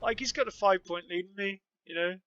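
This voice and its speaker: Male gamer, rather high voice, rambling self-deprecating commentary, noisy home mic. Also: a little fast, muffled recording. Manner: rambling, self-mocking, many fillers. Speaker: card game player commenting on his matches. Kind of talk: casual gameplay commentary.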